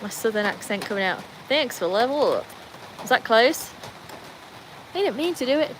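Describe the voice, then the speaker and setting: A British woman with a fairly high voice hosts a relaxed livestream from under a tin veranda roof while rain falls. She chats easily, reads out her viewers' comments and calls to her dogs. Faint background noise sits under her voice. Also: moderate pace, rough recording. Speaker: livestream host. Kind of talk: casual livestream chat. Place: covered tin-roofed veranda during rain.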